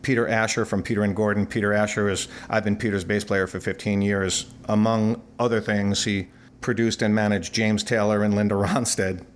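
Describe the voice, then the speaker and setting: Older male musician guest, animated storyteller who acts out the people in his anecdotes. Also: on the low side, normal speed, slight background noise. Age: 60s. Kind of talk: storytelling interview.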